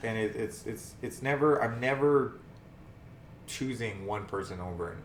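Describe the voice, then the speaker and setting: A man's voice: on the low side, moderate pace, roomy sound, slight background noise. A man co-hosting a podcast in casual chat, hesitant and often restarting his sentences. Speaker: co-host.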